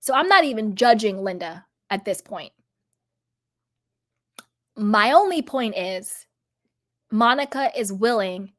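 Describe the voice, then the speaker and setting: A woman giving casual, emphatic commentary, asking rhetorical questions. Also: medium pitch.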